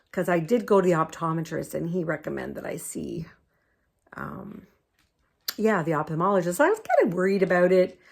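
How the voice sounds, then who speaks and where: A woman's voice: lowish voice, creaky. An older woman talks casually to her camera in a chatty, rambling way. She laughs often and slips into a cooing tone when she speaks to her dogs. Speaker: vlogger.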